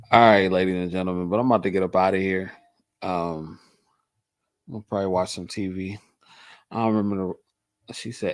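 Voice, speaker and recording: A man's voice: low-pitched, very animated, a little slow, long pauses, darkish tone, no echo. A man from Michigan hosting a casual livestream, talking to his viewers in a laid-back way and repeating his points for emphasis. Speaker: host.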